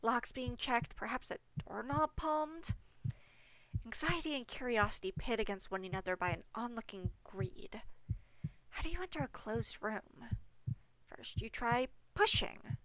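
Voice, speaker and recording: A woman's voice: on the high side, expressive, measured pace, a bit bright. A woman reading the inner monologue of a cautious young female investigator in a dry, wry tone. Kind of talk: game narration read aloud.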